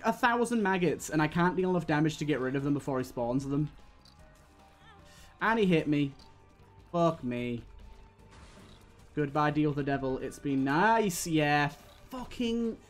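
Swearing British streamer, higher voice. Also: male voice. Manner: swearing, exasperated running commentary. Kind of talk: live gameplay commentary.

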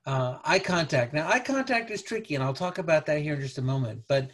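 A man presenting a parenting lecture over slides, talking in a conversational, halting way with many restarts. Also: fairly high pitch, expressive, a bit bright. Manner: conversational, halting, peppered with "you know".

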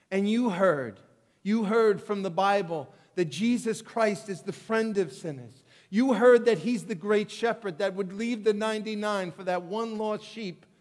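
A man preaching a sermon as pastor, telling the story with animated, acted-out voices and frequent restarts. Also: sits high. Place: church sanctuary. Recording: long reverb of a church hall.

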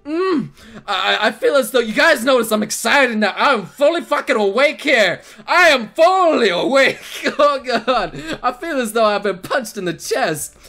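Excitable, giggly man reacting to a game. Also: extremely high pitch, a little slow. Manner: excitable, laughing, swearing reactions. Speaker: gaming channel host. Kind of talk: let's play commentary.

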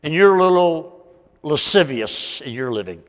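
A man preaching a folksy sermon, swinging between loud and hushed. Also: fairly high pitch, animated, moderate pace, in a large hall.

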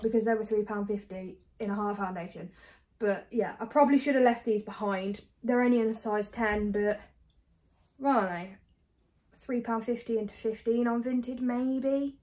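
A UK woman, a reseller vlogger, chats casually to camera about her thrift finds in a haul video. Her voice is a little high and a little mellow, and she talks fast, a bit out of breath, chatty and self-deprecating with many ums and likes.

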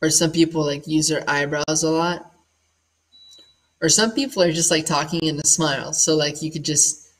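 A young man, an actor and singer, giving a casual acting workshop in an animated, demonstrative way with lots of "like" fillers. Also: fairly high pitch, normal speed.

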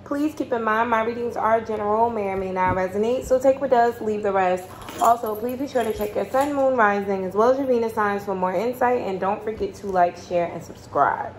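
A woman's voice: medium pitch, brisk, a little hiss or hum. A woman giving a casual tarot reading, talking bluntly and chattily with plenty of swearing. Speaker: tarot reader.

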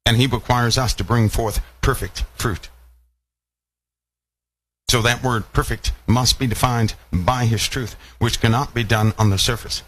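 A man's voice: mid-range voice, fairly even intonation, measured pace, a bit bright. A man preaching a sermon, asking his listeners rhetorical questions and repeating phrases for emphasis.

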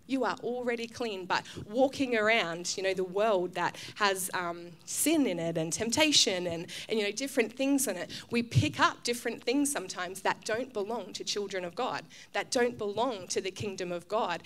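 On a church stage, an Australian woman pastor preaches a casual, conversational sermon full of fillers and restarts. She acts out the voices in her stories with loud, high outbursts.

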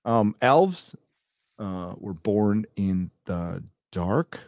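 A man's voice: lowish voice, expressive, extremely slow, a little mellow, dry recording, clean studio sound. A man hosting a live show review in casual chat, mocking and mimicking characters. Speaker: host.

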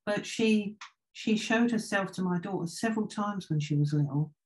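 A woman, a trance medium guest telling spiritual anecdotes in an easygoing, conversational way. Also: mid-range voice. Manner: anecdotal, unhurried, with filler restarts. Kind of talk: casual storytelling in conversation.

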